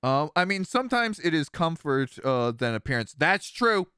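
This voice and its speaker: 30ish dude streaming a game, bright crisp voice, bouncy and jokey, dry close mic. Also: male voice, fairly high pitch, moderate pace, no room sound. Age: 30s. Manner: animated, jokey, laughs often. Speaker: streamer, let's-play host. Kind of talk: casual game commentary, chatting with viewers.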